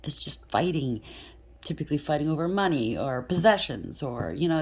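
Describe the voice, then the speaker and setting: Woman with a low voice doing a tarot read, casual and blunt, swears a lot, thinks out loud. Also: expressive, a little fast. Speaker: tarot reader. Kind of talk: casual tarot reading to camera.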